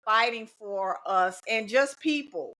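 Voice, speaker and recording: A middle-aged woman talks in a relaxed podcast chat. Her voice is bright and sits a little high. She speaks with emphasis and comes back to the same phrases to drive her points home. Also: slow pace. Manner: emphatic, repeats key phrases. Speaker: teacher and guest. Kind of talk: casual podcast conversation.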